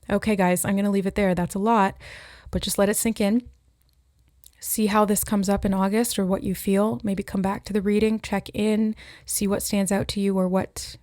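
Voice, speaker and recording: Mellow, even-toned tarot reader woman. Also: mid-range voice, dry recording, clean studio sound. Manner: musing, relays messages as she hears them. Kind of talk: intuitive card reading to camera.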